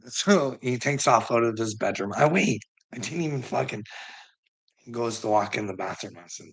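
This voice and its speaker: A man's voice: mid-range voice, lively intonation, moderate pace, breathy edge. A middle-aged man, ranting agitatedly in a personal vlog, swearing constantly with bitter laughs. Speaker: vlogger.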